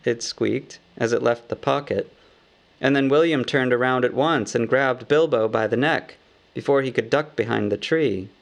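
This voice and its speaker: A man narrating a storybook aloud in a measured, wry manner. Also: medium pitch, vocal fry. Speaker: audiobook narrator.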